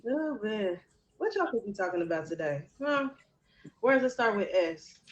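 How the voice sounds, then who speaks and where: A woman's voice: medium pitch, big pitch swings, normal speed, highs cut off, very noisy. A woman co-hosting a live-stream talk show, playful and teasing, laughing often with the host. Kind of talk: casual live-stream chat. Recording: roomy echo.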